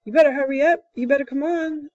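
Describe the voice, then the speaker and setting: A woman's voice: sits high, steady tone, quick pace, darkish tone, dull audio, voice pushed up, close to an everyday voice. A woman voicing a clever little male rabbit who coaxes and urges in folksy speech. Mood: urgent coaxing. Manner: urgent, coaxing, folksy.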